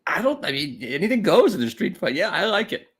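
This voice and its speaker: Raspy, gravelly-voiced wisecracking man. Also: sits high, big pitch swings, a bit bright. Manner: quick wisecracking interjections. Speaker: podcast co-host. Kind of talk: casual comedic chat.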